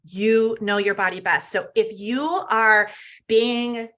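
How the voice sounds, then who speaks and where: Bright-voiced woman guest coach. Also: mid-range voice, steady tone, takes it slowly. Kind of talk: casual interview chat.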